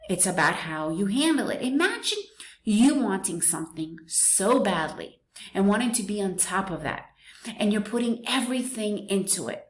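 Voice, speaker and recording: A woman's voice: mid-range voice, echoey room. A woman hosting a parenting podcast, talking straight to listeners in a blunt, emphatic way that often repeats its points. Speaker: podcast host. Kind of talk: direct-to-listener parenting talk.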